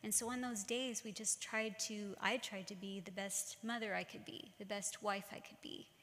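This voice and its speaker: A woman's voice: medium pitch, steady tone, fairly bright tone. Earnest woman in a reverberant church. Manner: measured, earnest storytelling. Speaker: church speaker. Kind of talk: sermon-style talk. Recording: long church-hall reverb.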